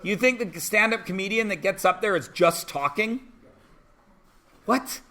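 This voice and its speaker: A man in his forties, a high school English teacher, talking to his class in an animated, sarcastic, joking way. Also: measured pace. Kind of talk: classroom talk.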